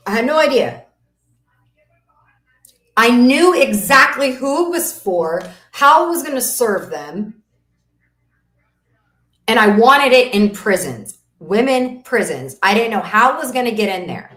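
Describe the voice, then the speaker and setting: A woman's voice: on the high side, sing-song, measured pace, long pauses, a bit bright. Emphatic motivational woman coach, roomy echo. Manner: emphatic, preachy, repeats phrases for effect; faith-driven motivational tone. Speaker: business coach hosting a masterclass. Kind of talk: motivational webinar talk.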